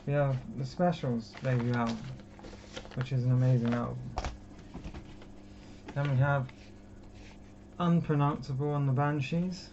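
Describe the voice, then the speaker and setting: A young British man goes through his record collection in a rambling, self-deprecating casual chat. He speaks at a measured pace with frequent pauses, in a steady, medium-pitched voice. The recording is dull lo-fi with audible background noise.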